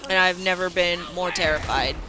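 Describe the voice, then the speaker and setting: A woman's voice: fairly low pitch, moderate pace, noisy background. A woman gaming streamer telling a story casually while she plays, with lots of fillers, breaking off now and then to react to the game. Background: game music.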